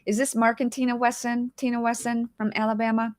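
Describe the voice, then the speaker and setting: A woman's voice: fairly high pitch, level tone, fairly quick, no echo, clean studio sound. A woman hosting a casual livestream, chatty and emotional, greeting viewers by name and holding back tears. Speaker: livestream host.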